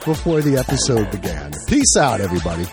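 A man hosting a podcast, chatting casually with friends in an animated, profane, rambling way. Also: lowish voice, quick pace, music in the background. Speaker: podcast host.

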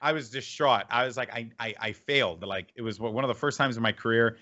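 A man who hosts esports events, telling an animated story in a casual interview, full of fillers and restarts. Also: medium pitch, a little fast, highs cut off. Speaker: esports event host and announcer.

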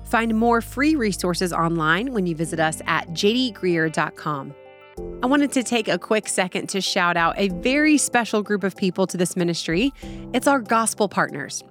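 A woman announcer giving an upbeat, polished scripted read for a radio ministry program. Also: medium pitch.

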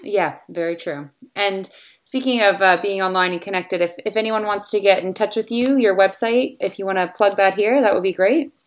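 A woman's voice: mid-range voice, moderate pace. A woman hosting a podcast interview, chatting in a friendly, agreeable way with her guest. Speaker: podcast host. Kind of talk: casual interview chat.

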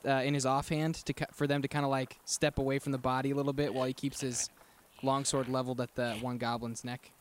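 A man's voice: mid-range voice, level tone, fast talker, slight background noise. A man playing a tabletop game, casually describing what his character does. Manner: easygoing, talks through his character's actions. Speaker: player.

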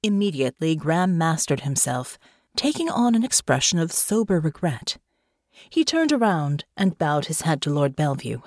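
A woman's voice: low-pitched, sing-song, moderate pace, no room sound, studio quality. A woman reading a fantasy novel aloud as audiobook narrator. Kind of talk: scripted narration.

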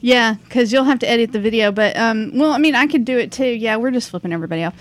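A woman's voice: fairly high pitch, fast talker. A woman hosting a podcast, chatting casually in a joking, frank way. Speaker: podcast host.

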